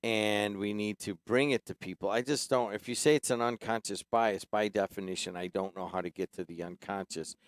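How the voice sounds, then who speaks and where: A man's voice: fairly low pitch, a little fast, few pauses, no room sound, clean studio sound. A man hosting a talk radio show, speaking in a jokey, conversational way. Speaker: radio host.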